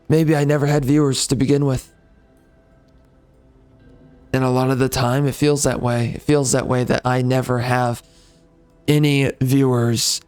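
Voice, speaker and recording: A man's voice: mid-range voice, a little mellow, smooth, dry recording. A man who hosts a gaming channel, delivering a bitter, profane rant at his viewers. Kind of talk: angry rant to the audience.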